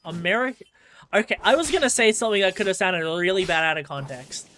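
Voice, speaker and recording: A man's voice: high voice, quick pace, bright, forceful tone, a little hiss or hum. A man with an Australian accent giving rambling live commentary while he plays a game and talks to his chat. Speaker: gaming streamer.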